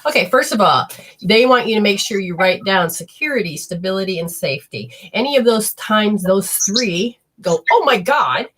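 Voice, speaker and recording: A woman hosting a live call-in spiritual reading, effusive and prone to high excited exclamations. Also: normal speed. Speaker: spiritual reader and show host.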